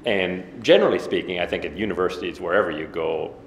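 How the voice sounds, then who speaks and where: A man in his fifties giving a self-deprecating after-dinner speech, halting with many fillers. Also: deep voice. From Ontario, Canada. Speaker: guest speaker. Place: banquet hall. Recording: echoey banquet hall with faint room noise.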